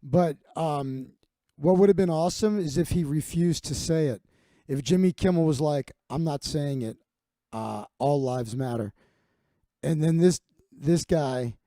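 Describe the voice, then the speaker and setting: A man's voice: fairly high pitch, warm tone, no room sound, clean studio sound. Profane, rambling male livestream host. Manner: rambling, profane, self-deprecating. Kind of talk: casual profane monologue. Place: home streaming setup.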